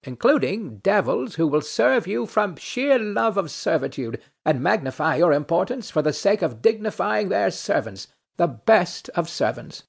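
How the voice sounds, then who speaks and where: A man's voice: high voice, sing-song, a little slow, creaky, hardly any pauses, breathy edge, exaggerated voice. A man reading a play aloud, voicing a weary, ironic nobleman who speaks in a dry, mocking, philosophical way. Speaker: audiobook narrator.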